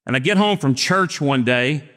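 A man, preaching a sermon and telling stories with acted-out dialogue and slow, emphatic phrasing. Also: mid-range voice, animated, a bit bright. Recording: long reverb of a church hall.

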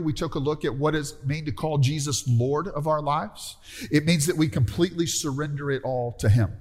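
A middle-aged man preaching a conversational sermon and calling out for amens from the congregation. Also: on the high side. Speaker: pastor. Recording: long hall reverb.

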